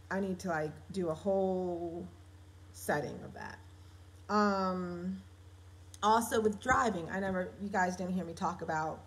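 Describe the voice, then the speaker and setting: A woman's voice: medium pitch, poor audio. A woman writer chatting on a live stream, reading her draft aloud and correcting herself as she talks straight to her viewers. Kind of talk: casual live-stream chat.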